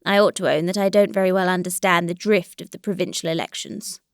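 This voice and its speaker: A woman reading the lines of an earnest male landowner who asks plain, quiet questions, in a dry recording. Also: on the low side, steady tone, quick pace, dry recording, natural voice.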